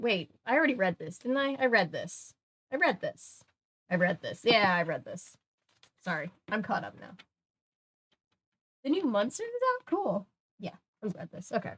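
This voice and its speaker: Young woman streamer with a mid-pitched voice, casual and chatty, reading aloud to viewers. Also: big pitch swings, normal speed, pauses often, fairly bright tone. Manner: chatty, reacts to chat, reads aloud. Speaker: streamer reading a mystery book.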